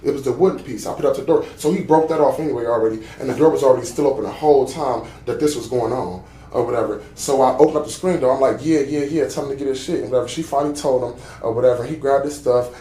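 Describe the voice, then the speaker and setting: A man's voice: mid-range voice, rapid-fire, few pauses, dark tone, reverberant, far from the mic. A man giving a witness statement in a police interview, talking in an agitated, profane way and often repeating himself.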